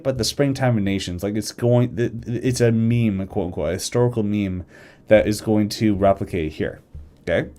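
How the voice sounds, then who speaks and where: A man talking casually on a live stream, rambling through an alternate history, correcting himself and acting out nations in quick quoted asides. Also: fairly low pitch, a little mellow. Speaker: streamer discussing a game mod's alternate history.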